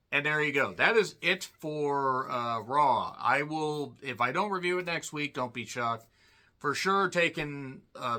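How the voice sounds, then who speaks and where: A man giving a casual spoken review of a wrestling show, sardonic and dry, often clearing his throat. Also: mid-range voice, pushed and bright.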